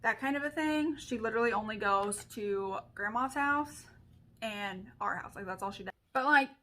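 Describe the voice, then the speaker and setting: A woman's voice: on the high side, moderate pace, fairly bright tone. A woman chatting casually through a makeup tutorial at home, telling stories full of "like" and little asides. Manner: chatty, storytelling, filler-heavy with frequent "like". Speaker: beauty vlogger.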